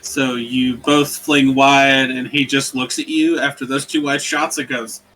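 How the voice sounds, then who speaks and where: A man's voice: medium pitch, flat delivery, measured pace, a bit bright, a little hiss or hum. A man running a live tabletop game as game master, making blunt rulings with casual swearing and jokes.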